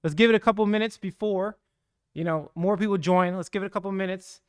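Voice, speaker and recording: A man hosting a casual crypto livestream, talking in an energetic, slangy, hyped-up way. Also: sits high, fast talker, smooth, no echo, clean studio sound. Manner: energetic, slangy, hype-driven.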